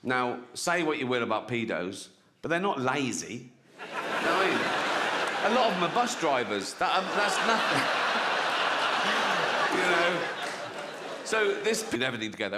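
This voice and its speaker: This stand-up comedian is a middle-aged man whose medium-pitched, sing-song voice moves at a moderate pace with frequent pauses. He's blunt and chatty, often cracking himself up, while heavy background noise of audience laughter and applause fills the live venue.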